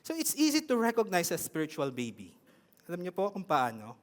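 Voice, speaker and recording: A man with a Filipino accent preaching a sermon in an animated way, often asking his congregation questions. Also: high voice, quick pace, big-room sound.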